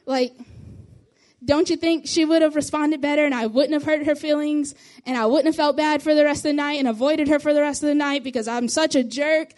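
A young woman, a youth group leader, giving a casual spoken testimony, talking quickly and chattily with little laughs between phrases. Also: sits high, steady tone, a little mellow.

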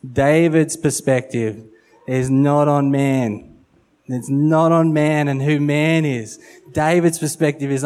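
A man's voice: fairly high pitch, fairly even intonation, slow, darkish tone. A man preaching a sermon, acting out quotes and repeating phrases for emphasis.

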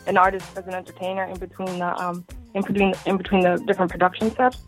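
A woman's voice: on the low side, monotone, fast talker, soft background music. Friendly woman singer from Boston. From Boston, Massachusetts. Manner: friendly, with frequent ums. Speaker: R&B singer and songwriter, guest. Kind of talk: radio interview answers.

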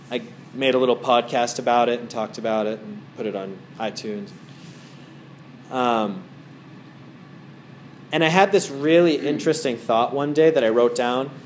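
A man's voice: mid-range voice, darkish tone, a little hiss or hum. A man giving a casual talk as a meditation teacher to a small group in a wellness center, rambling through stories with many fillers.

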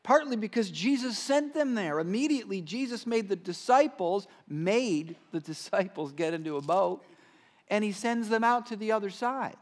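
A male pastor preaching a sermon in a conversational way, often asking "right?" and dropping to a hushed voice to stress key points. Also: sits high, animated, moderate pace. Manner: conversational, frequent "right?" tag questions, drops to hushed tones for emphasis.

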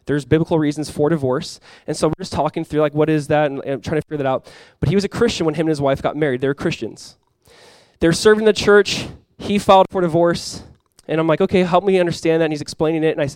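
A man's voice: on the high side, a little mellow, dry recording, poor audio. A male pastor preaching a sermon, telling a story conversationally and now and then rising into sudden emphasis.

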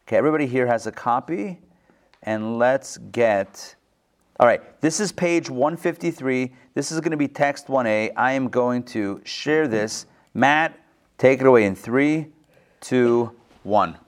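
A man's voice: mid-range voice, animated, a little slow. A man casually teaching a study class, asking the group questions and making joking asides.

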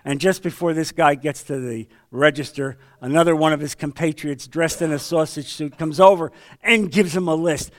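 A man leading a men's Bible study, teaching in a conversational sermon style and telling stories with sudden swings between loud and hushed delivery. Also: fairly high pitch, moderate pace. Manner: storytelling, acts out quoted voices, swings between loud and hushed.

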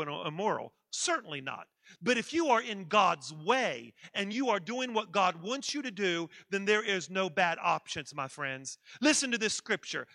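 A man's voice: high voice, vocal fry, bright, forceful tone, no echo, studio quality. A man preaching a sermon, with emphatic delivery that repeats key phrases and leads the congregation in call-and-response. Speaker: pastor.

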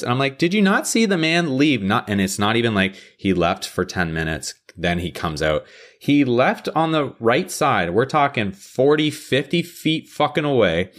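A man hosting a podcast, hyped up and ranting profanely in a casual show recap, often jumping into high-pitched mocking quotes. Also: fairly bright tone. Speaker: podcast host.

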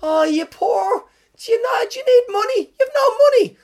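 A man doing a squeaky, pitying bank manager. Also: lively intonation, moderate pace, gravelly, darkish tone, full character voice. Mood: mock pity. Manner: fussing, pitying baby talk. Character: over-sympathetic male bank manager.

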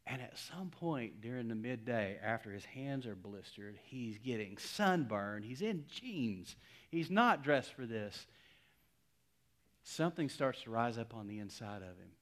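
Male pastor, middle-aged, mid-pitched; dramatic sermon delivery with big loud-to-hushed swings. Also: big pitch swings, unhurried. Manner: storytelling preacher swinging from loud exclamations to hushed near-whispers.

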